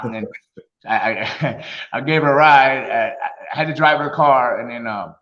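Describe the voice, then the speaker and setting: A middle-aged man spins animated stories, laughing often and acting out what others said. His voice is bright and forceful. The sound is roomy and a little dull, like a lo-fi recording. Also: mid-range voice, moderate pace. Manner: animated storyteller, laughs often, acts out quotes. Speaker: guest, retired wrestler. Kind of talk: casual storytelling interview.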